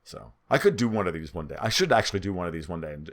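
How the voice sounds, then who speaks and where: This solo market commentator, nasal and New York-accented, spitballs through charts in a jittery, improvised way with lots of restarts. He talks fast in a low voice with big pitch swings and vocal fry.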